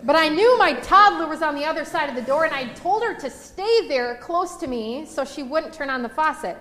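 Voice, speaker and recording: A woman pastor giving a sermon, telling a personal story and slowing down to read scripture aloud. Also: high voice, lively intonation, a bit bright. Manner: storytelling, slows for scripture reading. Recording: roomy echo.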